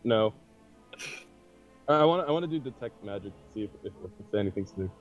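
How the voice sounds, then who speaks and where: A man's voice: on the low side, expressive, fast talker. A man playing in a casual tabletop game with friends, who stammers and repeats his words. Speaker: player. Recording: dull lo-fi audio with faint music.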